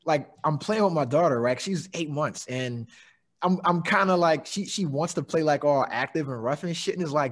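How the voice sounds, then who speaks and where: A young man hosting a casual podcast chat, swearing freely and laughing through animated stories. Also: fairly high pitch, moderate pace. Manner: profane, laughing, animated storyteller. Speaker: podcast host.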